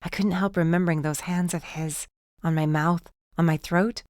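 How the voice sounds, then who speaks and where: A woman narrating a mystery audiobook in the first person, in a tense, measured storytelling manner. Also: on the low side, fairly even intonation, darkish tone, no echo, clean studio sound.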